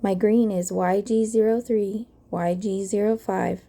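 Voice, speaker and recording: A young woman voices a card-making tutorial in a calm, orderly way, her mid-range voice a little slow and crackly because it's early morning.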